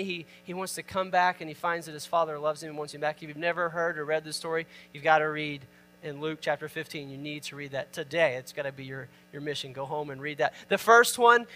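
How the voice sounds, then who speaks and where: A man's voice: high voice, sharp tone. A man preaching an informal sermon. He reads scripture aloud, explains it, and asks the listeners questions. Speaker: pastor. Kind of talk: conversational sermon.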